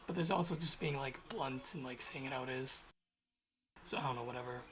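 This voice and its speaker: A man's voice: mid-range voice, fairly quick, a bit bright, a little hiss or hum. A young man talking to himself as he codes on a stream, rambling and grumbling in a casual way. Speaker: programmer streaming his coding. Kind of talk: casual thinking aloud while coding.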